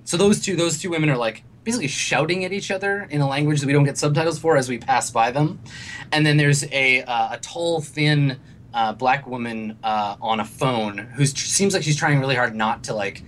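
A man's voice: medium pitch, a bit bright, a little hiss or hum. Rambling man running a tabletop game. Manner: rambling, filler-heavy description. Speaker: game master.

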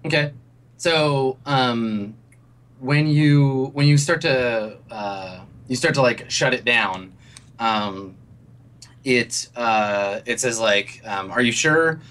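Male game master, mid-pitched, halting narration full of ums. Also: a bit bright. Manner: hesitant, many ums and restarts.

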